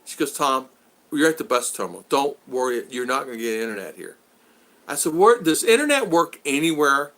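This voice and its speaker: A man chatting casually on a livestream from outdoors, rambling and animated as he greets viewers by name. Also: medium pitch, a little fast. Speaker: vlogger reading live chat. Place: outdoors in the Philippines.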